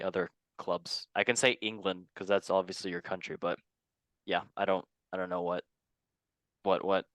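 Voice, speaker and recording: A man hosting a casual football podcast, rambling and making fun of himself, often trailing off quietly. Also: fairly low pitch, clear, resonant tone, no room sound. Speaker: podcast host. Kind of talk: casual chat.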